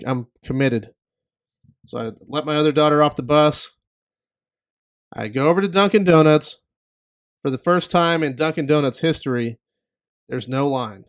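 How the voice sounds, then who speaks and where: A man in his thirties, a podcast host, telling a comedic story in an animated, exasperated way and acting out the other people in it. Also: medium pitch, moderate pace, pauses often.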